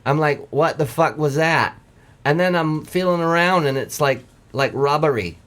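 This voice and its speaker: A man's voice: on the high side, normal speed, a bit bright, lightly acted. A man voicing a foul-mouthed, blustery male lobster diver with a Maine accent, telling his tale in a profane ramble.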